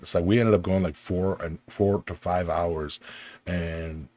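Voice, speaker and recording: Man, podcast host, deep and slow, easygoing, joking. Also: fairly even intonation, a little mellow, dry recording. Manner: laid-back, filler-heavy and joking. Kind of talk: casual podcast chat.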